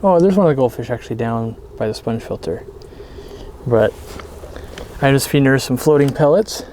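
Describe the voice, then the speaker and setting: Easygoing male vlog host outdoors, chatty and unpolished, mid pitch. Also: normal speed, a little hiss or hum. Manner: relaxed, rambling, many fillers and restarts. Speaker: aquarium shop owner and channel host. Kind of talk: casual outdoor walkthrough vlog. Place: outdoors by a garden pond.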